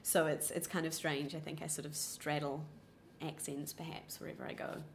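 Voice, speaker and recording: Young kiwi woman, soft nz accent, lots of ums and pauses, pretty monotone low voice. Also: gravelly, slight background noise. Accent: soft New Zealand. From New Zealand. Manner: hesitant, many ums and restarts. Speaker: interviewee. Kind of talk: casual interview answers.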